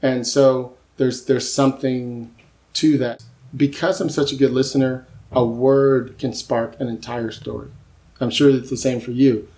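A man who works as a screenwriter, talking casually as a podcast guest and telling animated stories about his work. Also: mid-range voice, measured pace. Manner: lively storyteller who acts out quoted voices; keeps asking "you know what I mean?".

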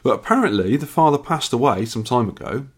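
A man's voice: medium pitch, lively intonation, fairly quick, breathy edge. A man co-hosting a podcast, telling a long rambling story in casual chat, a bit tired from lack of sleep. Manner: chatty, rambling storyteller with restarts. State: tired and yawning. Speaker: podcast co-host.

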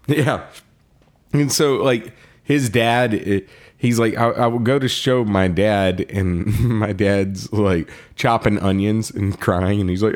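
A man co-hosting a podcast, casually retelling a story, laughing often and acting out the characters' lines in quick quoted voices. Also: lowish voice, steady tone. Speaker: podcast co-host.

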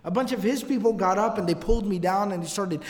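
A man teaching a casual religious lecture, his voice pitched high and his words tumbling out quickly. He tells the story with animated energy and drops in slangy, joking asides. A long reverb from a hall trails behind him.

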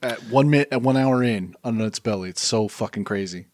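A man's voice: lowish voice, fairly quick, darkish tone, no room sound, clean studio sound. A man co-hosting a podcast, bantering about a movie with wry jokes. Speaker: podcast co-host. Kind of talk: casual movie review chat.

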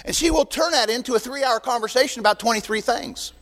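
Older male pastor, high-pitched, animated teaching sermon in a reverberant hall. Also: fast talker. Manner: animated, joking asides to the congregation. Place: church sanctuary. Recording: long reverb in a church hall.

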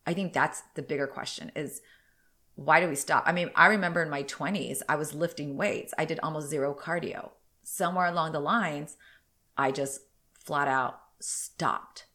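This podcast host, a woman in her thirties, talks alone at normal speed in a deep voice with a sharp tone. The chat is rambling and candid, and she sounds a little congested.

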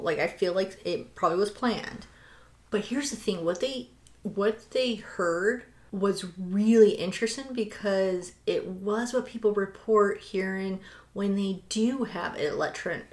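A woman's voice: medium pitch, roomy sound. A woman co-hosting a casual podcast chat, talking in a chatty way with lots of filler words. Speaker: podcast co-host.

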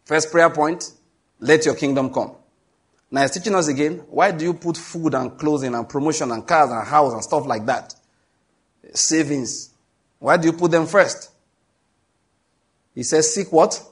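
A Nigerian man preaching with a Nigerian accent, his voice a little raised in pitch and husky around the edges. He drives his points home emphatically, reads scripture at a slow, deliberate pace and trades jokes with the congregation. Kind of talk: sermon.

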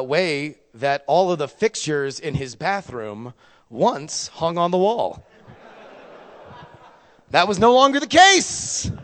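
A young man doing stand-up storytelling, profane and animated, with sudden loud bursts. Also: mid-range voice, big-room sound. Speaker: stand-up comedian.

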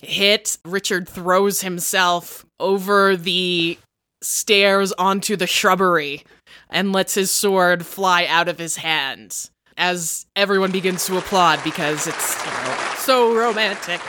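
A woman player narrating a tabletop role-play scene in an animated, halting way. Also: on the low side, a faint crowd.

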